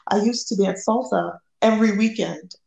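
A woman from the United States, a guest telling a personal story in a lively way, acting out the quoted lines. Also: medium pitch, moderate pace, gravelly, reverberant, rough recording. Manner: lively, acts out quoted dialogue.

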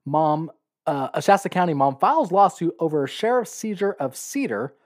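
A man's voice: fairly high pitch, expressive, moderate pace. A man hosting a podcast, giving blunt, sarcastic opinions in a casual monologue. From California. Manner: blunt, sarcastic, laughs while reading. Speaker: podcast host.

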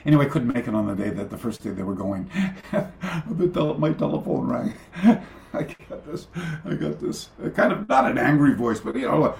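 An older man, a karate master, telling stories as an interview guest over a video call, animated and rambling, with many fillers and restarts. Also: medium pitch, a little fast, gravelly, reverberant. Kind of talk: casual storytelling interview.

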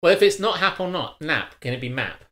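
Animated man, lively pitch. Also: a little fast. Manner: animated, opinionated, restarts sentences often. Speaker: co-host. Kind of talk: casual live-stream chat.

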